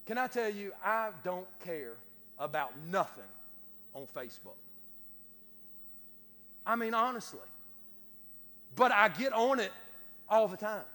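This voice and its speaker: A man preaching a sermon, his voice very high and ringing with a long hall reverb. He restarts and repeats phrases, stammering his way into a preacher's rising cadence. He sounds like a pastor speaking to his congregation. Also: lively intonation, unhurried, pauses often, sharp tone.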